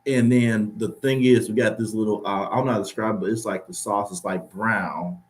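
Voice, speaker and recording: A man's voice: lowish voice, fairly even intonation, a little fast. Laid-back man hosting a podcast. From Ohio. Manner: loose, rambling, laughs often. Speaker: podcast host. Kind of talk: casual chat.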